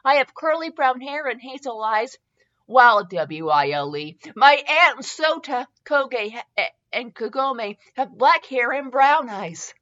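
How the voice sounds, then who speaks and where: Taking it slowly, a young woman reads fanfiction for her comedy podcast in a high, animated, slightly bright voice. She throws in mocking asides and spells out the misspelled words, recorded in dull lo-fi audio.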